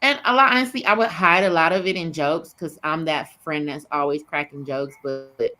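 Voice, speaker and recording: A woman's voice: low voice, a little fast. Joking woman guest in casual chat. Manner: joking, profane, animated retelling.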